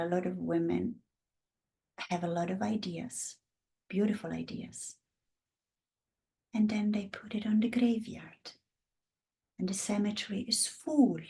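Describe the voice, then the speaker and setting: A woman's voice: lowish voice, gravelly, darkish tone. A woman in her fifties with an Italian accent, a guest and women's coach talking passionately in a casual interview. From Italy. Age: 50s. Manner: passionate, acts out the voices of the women she describes.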